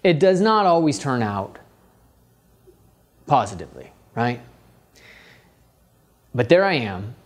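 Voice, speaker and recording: A man's voice: mid-range voice, slow, long pauses. A middle-aged man who teaches art, telling a personal story and acting out his own inner voice. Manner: animated, acts out his inner voice.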